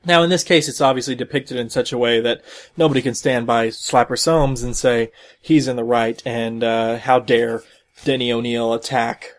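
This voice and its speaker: A man's voice: mid-range voice, steady tone, normal speed. A man hosting a solo podcast, commenting in a rambling way with many fillers and restarts. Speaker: podcast host.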